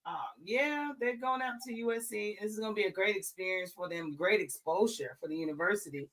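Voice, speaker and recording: A woman co-hosting a podcast, chatting casually about sports, animated and teasing in her playful trash talk. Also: medium pitch, brisk, rough recording. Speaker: podcast co-host.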